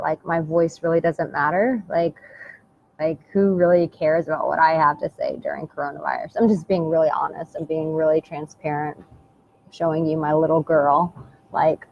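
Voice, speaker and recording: Earnest woman coach, soft and intimate. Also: low-pitched, level tone, measured pace, gravelly. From United States. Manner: earnest, soft and intimate, with repeated phrases and endearments. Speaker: dating and relationship coach. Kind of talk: heartfelt motivational talk to camera. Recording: dull lo-fi sound with faint background hiss.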